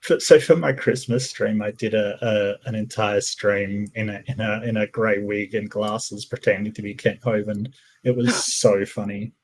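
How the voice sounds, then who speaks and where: A man's voice: on the low side, fairly even intonation, normal speed, a little hiss or hum, low-quality recording. A man hosting a casual podcast chat, musing aloud in a meandering way with many restarts. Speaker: podcast host. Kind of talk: casual conversation.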